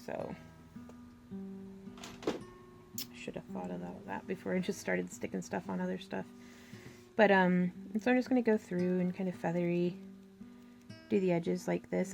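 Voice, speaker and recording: Gravelly woman chatting through a craft tutorial. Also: on the low side, a little slow, pauses often, darkish tone, soft background music. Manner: chatty, thinking aloud, with fillers and little laughs.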